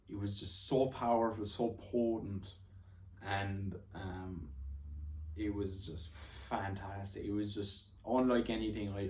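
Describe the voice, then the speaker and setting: Young guy, earnest coaching talk, lowish voice, roomy echo. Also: darkish tone. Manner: earnest, halting, with many restarts. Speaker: life coach. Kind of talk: personal story and coaching talk to camera. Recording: echoey room.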